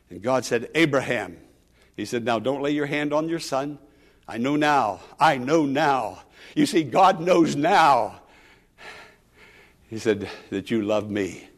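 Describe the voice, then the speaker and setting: A man pastor preaching a sermon, calling out with rising emotion and dropping to soft, quiet asides. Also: mid-range voice, animated, slow.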